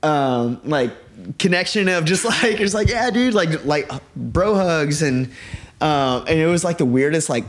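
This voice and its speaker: A man's voice, on the high side and expressive, moves along unhurriedly. He's a podcast guest in a living room, casually rambling through a story and leaning heavily on "like."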